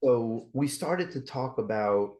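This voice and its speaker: A man talking as a guest on an interview podcast, energetic and persuasive, often asking rhetorical questions. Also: mid-range voice, slow. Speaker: guest, mental health campaign creator.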